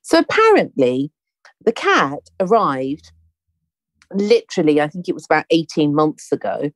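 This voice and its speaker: Lively, chatty woman host telling stories. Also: sits low, moderate pace, no echo. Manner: chatty, animated, acts out quoted dialogue. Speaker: podcast host. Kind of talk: casual anecdotal storytelling.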